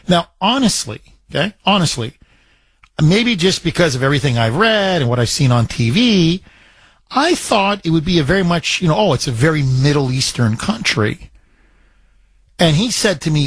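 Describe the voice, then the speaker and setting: A man hosting a talk radio show, telling a story with lively, repetitive phrasing. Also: fairly high pitch, brisk, husky, no room sound. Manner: animated storyteller, repeats phrases. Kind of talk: talk radio chat with a caller.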